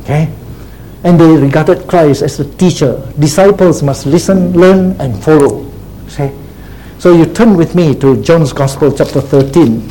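Male pastor, sermon, teacherly, repeats points for emphasis, warm tone. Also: a little high, a little slow, a little hiss or hum, poor audio. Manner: checks in with frequent "See?" and "Huh?".

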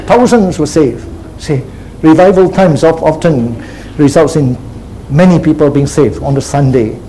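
Mellow-voiced male preacher, fairly high. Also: unhurried, slight background noise, low-quality recording. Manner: checks in with frequent "See?" and "Huh?"; teacherly, repeats key phrases for emphasis. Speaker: pastor. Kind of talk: sermon.

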